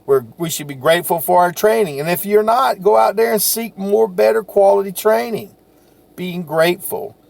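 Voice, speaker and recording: Sales guy with a gravelly voice, kinda high, folksy and encouraging pep talk to camera. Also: normal speed, a little mellow, dry recording.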